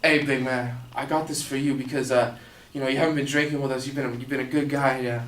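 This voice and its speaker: A man voicing a rowdy drunk passenger on a plane, with a low, loose, drawling delivery that breaks into shouts. The sound is from a distant mic in an echoey room. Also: level tone, fast, a little hiss or hum, close to an everyday voice.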